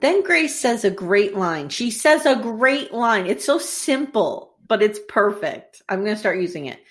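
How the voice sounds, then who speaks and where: A woman co-hosting a podcast, casually recapping an episode, animated and profane, often mimicking characters as she retells scenes. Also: medium pitch, measured pace. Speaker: podcast co-host.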